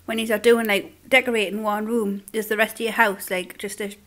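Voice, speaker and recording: A woman's voice: medium pitch, flat delivery, brisk, fairly bright tone. A young woman with a Geordie accent, chatting casually and laughing as she eats on camera. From Newcastle, England. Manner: chatty, laughs often, mouth full between bites. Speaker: eating-show vlogger. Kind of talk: casual chat while eating.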